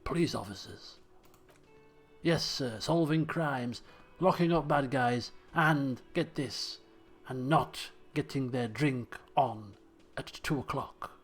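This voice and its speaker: A man voicing a sardonic undercover cop in a bad disguise, reading his lines in a dry, mocking, lowered voice. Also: slow, faint music behind.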